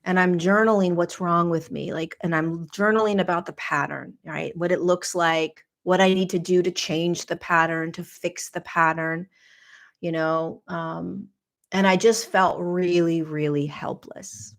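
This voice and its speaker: A woman's voice: on the low side, fairly even intonation, unhurried, gravelly. A woman podcast host telling a personal spiritual story in an earnest, confessional way.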